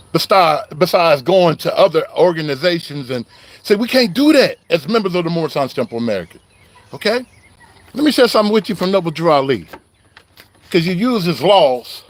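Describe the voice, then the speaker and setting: Wired on coffee and spoiling for a fight, this online religious commentator launches into a preachy, heated call-out. His voice sits on the high side, and there's no echo in the recording.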